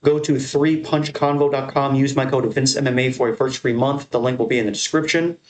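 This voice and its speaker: A young American man rambles through a tier list in a loose, excitable way, swearing freely as he goes. His voice sits at an ordinary middle pitch and jumps higher when he gets worked up. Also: brisk. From American Northeast. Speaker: MMA content creator. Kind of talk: casual tier-list commentary.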